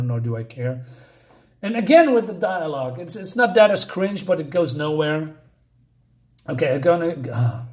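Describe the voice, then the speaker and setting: A man reviewing a comic book in casual talk, exasperated and sarcastic as he mocks the writing. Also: fairly high pitch. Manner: exasperated and sarcastic, mocking the dialogue.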